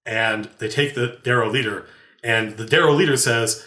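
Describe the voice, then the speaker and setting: In a roomy, echoing recording, a game master who hosts a podcast tells a casual story from his tabletop game. His medium-pitched voice is a little fast, pushed and bright, and he keeps laughing, rambling, and starting over.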